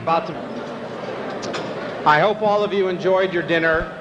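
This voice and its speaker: A man emcees a banquet, telling jokes with relaxed, easy pacing. His voice sits slightly high. The hall gives a long echo, with faint room noise underneath. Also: normal speed, muffled recording. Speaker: master of ceremonies.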